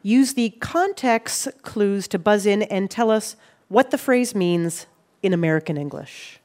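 Hosting a quiz show before a live audience, a woman reads the clues with playful flair. Her mid-range voice is expressive and darkish in tone, with a measured pace.

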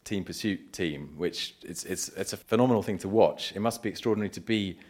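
A man's voice: low-pitched, brisk, darkish tone. A man interviewing a guest at a live event, asking long, wandering questions with many restarts.

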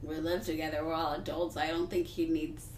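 A woman co-hosting a podcast, telling a personal story in an animated, casual way with lots of fillers. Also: sits low, fairly quick. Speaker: podcast co-host. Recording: echoey room with faint noise.

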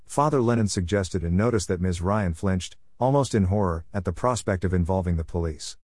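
A man narrating a story in a measured, even way. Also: deep voice, dry recording, clean studio sound.

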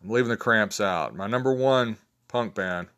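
A man with a very low voice chats casually, ranking his favorites in a loose, rambling way. He is in his fifties and often restarts his sentences and fills pauses with ums. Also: fairly bright tone. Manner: rambling, low-key, many fillers and restarts. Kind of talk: casual spoken list of favorites.

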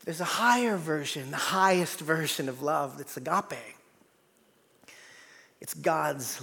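A man preaching a sermon in a church, dynamic, swinging from loud to hushed. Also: fairly high pitch, slow, creaky, long pauses, in a large hall. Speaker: pastor. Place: large church hall.

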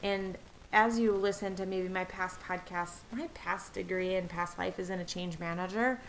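A woman's voice: on the low side, steady tone, moderate pace, rough recording. A middle-aged woman hosting a reflective solo podcast, talking earnestly and encouragingly to her listeners as friends. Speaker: podcast host. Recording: faint hiss.

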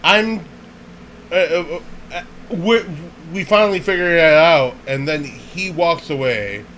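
A man's voice: a little high, slow pace, slight background noise, rough recording. A man telling a funny story in casual chat, laughing often and acting out what people said. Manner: animated, laughs often, acts out quoted voices.

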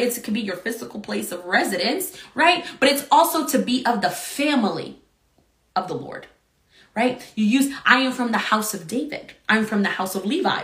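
Bright-voiced woman teaching a Bible study. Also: on the high side, reverberant. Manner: fervent, preacherly, with frequent "right?" tags.

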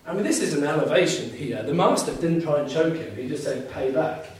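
A man's voice: on the high side, expressive, brisk. A man preaching a sermon, earnest and emphatic, driving home key phrases by repeating them. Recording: very echoey room, mic at a distance.

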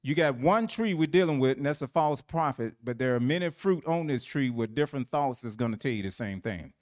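A man's voice: mid-range voice, lively intonation, brisk, a little mellow. A man teaching a Bible lesson, quizzing listeners with fill-in questions and repeating phrases for emphasis.

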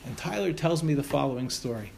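A middle-aged man telling an anecdote to an audience in an animated way, acting out the people in it. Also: mid-range voice, quick pace, gravelly, slight background noise. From United States. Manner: animated, acts out the voices of the people in his stories. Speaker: storyteller.

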